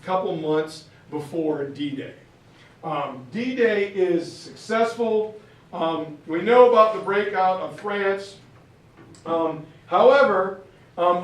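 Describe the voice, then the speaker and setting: A man lecturing on history as an animated storyteller who acts out the quotes. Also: sits high. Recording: roomy sound from far off.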